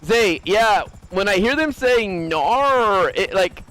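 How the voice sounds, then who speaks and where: Man, live streamer, high voice, very lively pitch, ranting, swears a lot, casual chat while gaming. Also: slow pace, rough recording. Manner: animated, ranting, swears freely.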